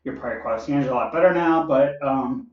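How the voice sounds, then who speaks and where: A fast-talking man with a mid-range voice tells a personal story casually, wandering off on tangents with many fillers, asides and laughs. The recording sounds roomy, distant and dull.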